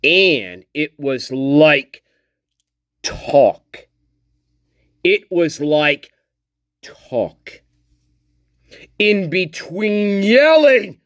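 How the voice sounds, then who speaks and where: A man hosting a livestream, slowly reading out and mocking a statement in a profane rant. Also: on the high side, sing-song, fairly bright tone, no echo, lo-fi sound. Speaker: channel host. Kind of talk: livestream commentary.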